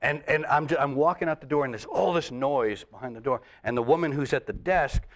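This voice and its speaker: A middle-aged man, a comedian guest, telling a stand-up story with lively acted-out voices and frequent laughs. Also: mid-range voice, fairly quick. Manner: animated storyteller, acts out voices, laughs often.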